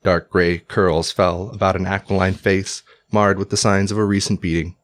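A man narrating a historical story in a measured, formal audiobook style. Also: sits low, flat delivery.

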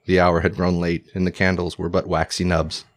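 A man narrating a historical story in a measured, formal audiobook style. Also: deep voice, little pitch movement, no room sound.

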